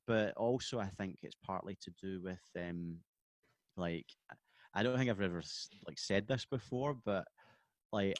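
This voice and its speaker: A Scottish musician chatting on a podcast over a video call, rambling with many restarts and easy laughs. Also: male voice, low-pitched, a little slow, no room sound, studio quality. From Scotland. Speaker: guest musician. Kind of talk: casual podcast chat.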